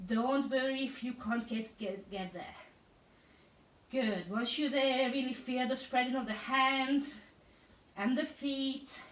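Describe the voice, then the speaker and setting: A woman yoga instructor calmly guiding a class through breath and poses with encouraging cues. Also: sits high, slow pace. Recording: echoey room, voice from a distance.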